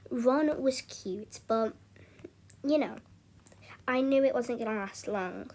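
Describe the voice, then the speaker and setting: A young woman with a slightly high voice tells a storytime in a loose, chatty way. She keeps restarting her sentences and falls back on "anyway, so" as she goes. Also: takes it slowly, darkish tone. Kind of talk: casual storytime narration.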